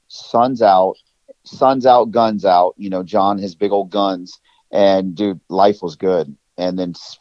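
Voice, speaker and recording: Slangy man with a low, dull-toned voice. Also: no echo. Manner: excitable, slangy, storytelling. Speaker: podcast co-host. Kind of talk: casual podcast chat.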